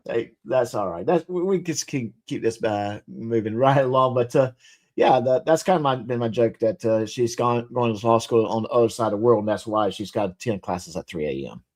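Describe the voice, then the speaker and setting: A man's voice: mid-range voice, normal speed. A man hosting a casual livestream chat, joking and filling with restarts. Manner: animated, jokey, many fillers and restarts. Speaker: livestream host.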